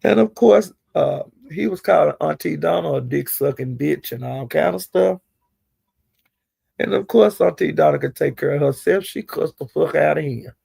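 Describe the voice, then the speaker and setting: A man's voice: on the high side, moderate pace, creaky, warm tone, slightly rough, dry recording. A man giving casual, profane gossip commentary on online live streams and scolding the people involved directly. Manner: talks straight to the people discussed.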